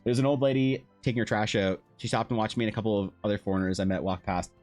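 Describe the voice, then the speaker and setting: Man, young adult, low voice, rambling casual stream talk, faint music behind. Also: fairly even intonation, fast, a little mellow. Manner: rambling anecdotes, frequent restarts and swearing. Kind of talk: casual chat while drawing on stream.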